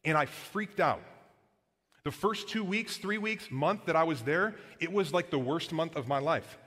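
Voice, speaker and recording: A man's voice: on the high side, animated, unhurried, a bit bright, husky, long reverb tail. A man preaching as pastor, casual and earnest, with frequent "like" and "guys" between points. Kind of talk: sermon. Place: church sanctuary.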